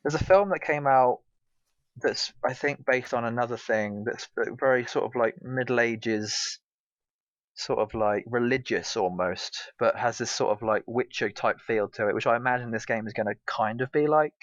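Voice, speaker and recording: A man's voice: medium pitch, moderate pace, dry recording. A British man co-hosting a gaming podcast, rambling casually with lots of hesitations and fillers. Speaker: podcast co-host. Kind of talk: casual chat. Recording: dull, dry lo-fi mic.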